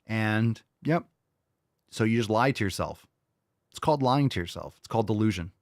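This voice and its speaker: Combative male host, low voice, dry close sound, sarcastic ranting commentary. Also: expressive, normal speed, dry recording. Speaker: show host. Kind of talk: ranting commentary over video clips.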